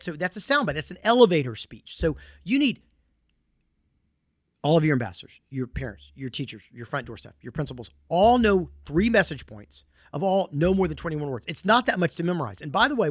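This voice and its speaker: A man's voice: a little high, dry recording, studio quality. A middle-aged man with a Southern US accent, giving a conference presentation in an emphatic, repetitive way with folksy asides.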